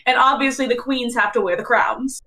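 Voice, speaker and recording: Woman podcast co-host, fairly high voice, casual teasing storyteller. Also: steady tone, moderate pace, bright, forceful tone, low-quality recording. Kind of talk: casual chat.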